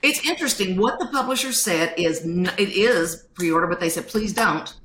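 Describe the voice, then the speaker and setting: A woman, a podcast guest telling stories in an animated way and acting out quotes. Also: on the low side, moderate pace, roomy sound, slight background noise. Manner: animated storytelling, acts out quotes. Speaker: guest author. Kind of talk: podcast interview.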